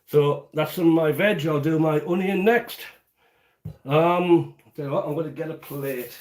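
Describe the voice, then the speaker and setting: A man's voice: fairly high pitch, a little slow, a little mellow. A man hosting a casual home cooking livestream, chatting and explaining each step in a rambling way. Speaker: home cooking channel host. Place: home kitchen.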